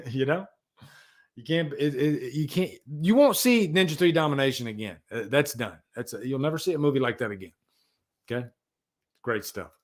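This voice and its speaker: A man hosting a casual livestream, rambling and animated as he tells stories and reads out chat. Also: mid-range voice, normal speed, long pauses. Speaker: livestream host.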